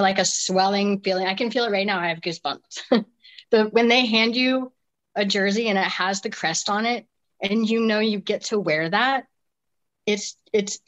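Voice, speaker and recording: A woman's voice: mid-range voice, lo-fi sound. A woman in her forties, a deaf soccer player from the United States, chatting in an interview and telling stories animatedly with frequent restarts and laughter. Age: 40s. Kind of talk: casual interview chat.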